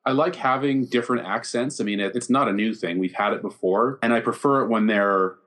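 A man's voice: on the low side, brisk, a bit bright. A man co-hosting a casual movie podcast, sharing his views in an easygoing, conversational way. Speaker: podcast co-host.

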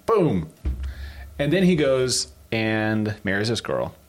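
A man co-hosting a podcast, casually retelling a story with animated, amused commentary and easy laughter. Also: on the low side, slow pace. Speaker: podcast co-host.

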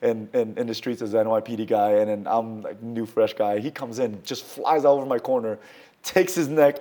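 A man telling a story as a guest in a conversation. He talks casually and acts out quoted lines with sudden loud jumps in pitch. He swaps in mild words where he would swear. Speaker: guest, firearms trainer.

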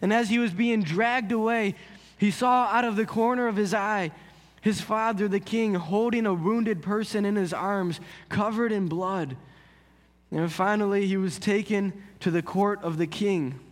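Man, pastor, earnest conversational sermon, high voice, long reverb. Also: a little slow. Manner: earnest, conversational, builds intensity. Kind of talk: sermon with storytelling.

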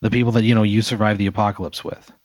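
Low-voiced man spinning a rambling hypothetical. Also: little pitch movement, racing, darkish tone, no room sound. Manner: narrates in second person, loose and rambling with fillers. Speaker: host. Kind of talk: improvised hypothetical storytelling.

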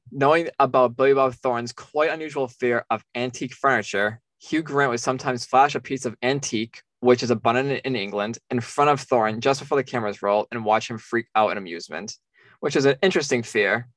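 A man's voice: medium pitch, brisk, a bit bright, no echo. An American man co-hosting a casual film discussion, laughing often as he reads trivia aloud. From United States. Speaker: podcast co-host.

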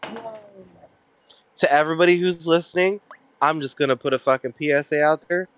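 A podcast guest ranting bluntly and profanely in casual chat. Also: male voice, a little high, normal speed, a bit bright, smooth, no room sound.

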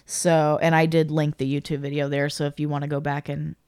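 A woman with a low, smooth voice retells a story in casual podcast chat. She acts out what people said. The sound is close and dry. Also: brisk, no echo. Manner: animated storyteller, acts out quotes. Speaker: podcast co-host.

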